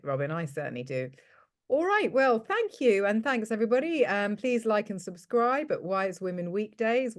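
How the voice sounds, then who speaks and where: A woman from the UK hosts a casual interview with a slightly low voice. She talks in a chatty, rambling way and trails off into loose asides. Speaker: host.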